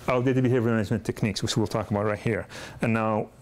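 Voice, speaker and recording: A man's voice: fairly low pitch, fairly even intonation, fast talker, a little mellow. A middle-aged man, a pediatric dentist, gives a lecture full of personal stories, talking conversationally with frequent restarts and repeated words. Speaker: pediatric dentist teaching a course.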